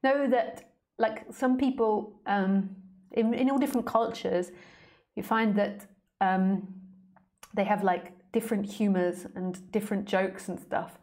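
A woman's voice: medium pitch, fairly even intonation, a little slow, a little mellow. A woman hosting a casual spiritual live stream, playful and joking with frequent laughs.

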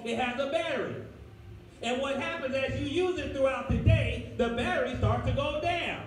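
A man preaching a folksy, animated sermon as pastor. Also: extremely high pitch, background noise. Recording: echoey room, far from the mic, music behind.

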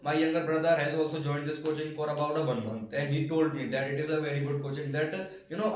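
Indian man, halting in an echoey room. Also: fairly high pitch. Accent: Indian English. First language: Hindi. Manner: halting, with frequent restarts and fillers. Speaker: student giving a testimonial. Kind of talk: prepared speech to a class. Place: classroom, indoors. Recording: echoey room from a distant mic.

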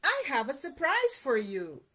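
A woman's voice: high-pitched, huge pitch swings, measured pace, a bit bright, heavily acted. A woman reading the lines of a hopeful young male rabbit in a children's storybook, coaxing and secretive.

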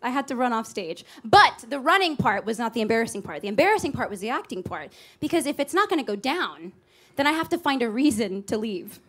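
A woman's voice: fairly high pitch, big pitch swings, fairly quick, fairly bright tone. A woman performer chatting to a club audience between songs in a rambling, anecdotal way, heard on a live recording over a band. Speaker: singer and stage performer. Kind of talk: cabaret stage banter. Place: small live music venue.

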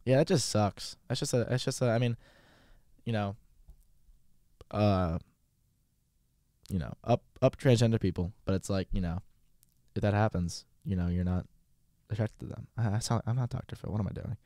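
A man's voice: fairly low pitch, moderate pace, long pauses, mellow, dry recording, studio quality. A man hosting a podcast, giving blunt, rambling, casual commentary with a profane edge. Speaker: podcast host.

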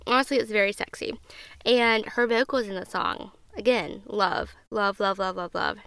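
Woman, twenties, gushing podcast host, smooth clear voice, dry close sound. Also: medium pitch, normal speed, fairly bright tone, dry recording. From Southern United States. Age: 20s. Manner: bubbly and gushing. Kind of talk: casual music review chat.

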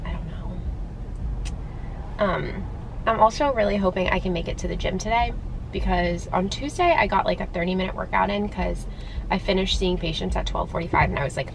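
A nurse practitioner in her twenties chats casually to the camera for her vlog, venting and using plenty of fillers. Her voice is lowish and creaky, at a normal pace, with a slight hiss or hum in the background.

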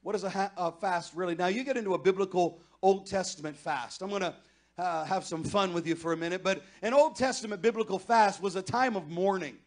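High-voiced man preaching a sermon. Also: a little fast. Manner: builds from conversational to loud impassioned pleading. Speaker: pastor. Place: church sanctuary.

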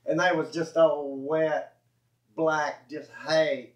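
A man's voice: a little high, level tone, takes it slowly. Folksy Southern man spinning a yarn. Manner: rambling, self-correcting, chuckling folksy delivery. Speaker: storyteller. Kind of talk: casual spoken anecdote. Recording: echoey room, dull lo-fi audio.

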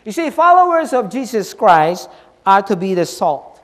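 A male pastor with a notably high voice delivers a sermon. He drives his points with repeated rhetorical questions. He swings from loud stresses down to soft, low asides. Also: very animated, moderate pace, long reverb tail.

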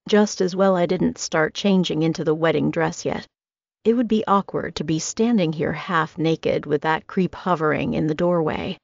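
A woman narrating a first-person audiobook with a steady, dramatic reading. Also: deep voice, moderate pace, gravelly, dry recording. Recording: dry, slightly muffled recording.

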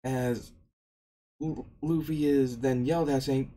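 A man's voice: mid-range voice, steady tone, slow pace, dark tone, low-quality recording. A man casually retelling an anime story, meandering along and restarting his sentences often. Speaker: anime recap narrator.

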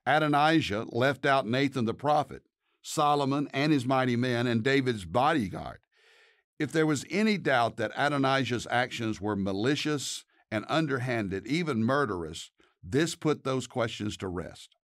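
Man, pastor, devotional narration, earnest, measured, dry studio. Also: mid-range voice, expressive, a bit bright, dry recording. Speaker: pastor and podcast host. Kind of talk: scripted devotional narration and prayer.

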